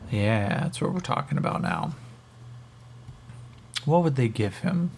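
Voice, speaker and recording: Solo game master, gravelly voice, halting think-aloud narration, faint keyboard noise behind. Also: male voice, a little high, expressive, darkish tone.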